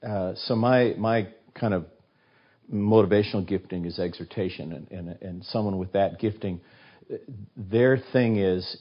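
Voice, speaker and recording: Older guy w a husky low voice, storytelling in an interview, does all the voices, kinda muffled sound. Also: unhurried. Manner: animated storyteller who acts out quoted voices. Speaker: guest author. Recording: dull, muffled recording.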